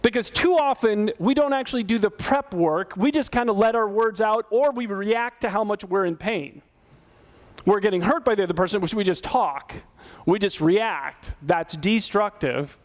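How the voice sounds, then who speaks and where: A man's voice: sits high, normal speed. A male pastor preaching a sermon in a conversational, emphatic way, often putting questions to the congregation.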